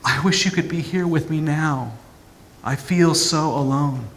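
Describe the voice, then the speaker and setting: A pastor voicing a frightened young child's inner voice, plaintive and pleading, in a reverberant church. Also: male voice, on the high side, a little slow, a bit bright.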